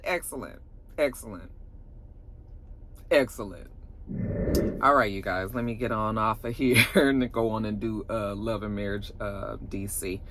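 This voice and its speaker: Animated reviewer with a bright voice. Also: mid-range voice. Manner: animated, expressive, swears freely. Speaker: TV show reviewer. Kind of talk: casual recap and review vlog.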